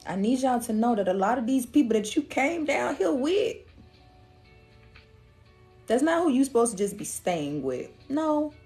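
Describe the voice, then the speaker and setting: A woman's voice: a little high, normal speed, long pauses, faint music behind. A woman, talking casually to her viewers during a collective reading and acting out their inner voices. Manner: animated, slangy, acts out the viewer's inner voice. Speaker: tarot reader.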